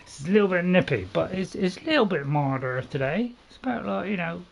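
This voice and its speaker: A man's voice: high-pitched, very animated, brisk, gravelly. A British man with a chatty, rambling manner, giving casual let's-play commentary and playfully talking to his viewers. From Britain. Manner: chatty and rambling, talks to viewers while chewing, playfully self-mocking. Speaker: gameplay channel host.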